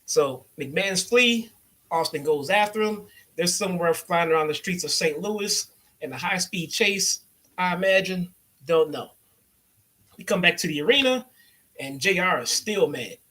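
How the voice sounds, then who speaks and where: Husky-voiced sarcastic wrestling recapper. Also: male voice, sits high, lively intonation, a little slow, pushed and bright. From Chicago area. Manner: loose, swearing, sarcastic. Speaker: wrestling reviewer. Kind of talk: casual profane recap.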